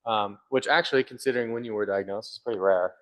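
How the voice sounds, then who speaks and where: A man's voice: fairly low pitch, fast talker. A young man co-hosting a podcast, earnestly explaining his views with examples in casual talk. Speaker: podcast co-host. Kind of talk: casual conversation.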